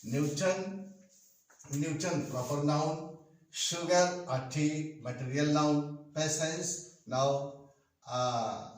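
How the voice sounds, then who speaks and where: An older man with an Indian English accent teaches grammar at a whiteboard, speaking very slowly, with many pauses and repetitions. His voice is a little higher than usual. He sounds heavily echoey and distant, as if recorded from across a bare classroom. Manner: slow, repetitive explaining with frequent hesitations. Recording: echoey room, far from the mic.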